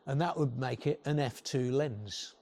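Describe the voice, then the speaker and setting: An older man giving an informal, rambling talk to a photography club, often clearing his throat and restarting sentences. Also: medium pitch, a little slow, a little mellow. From England.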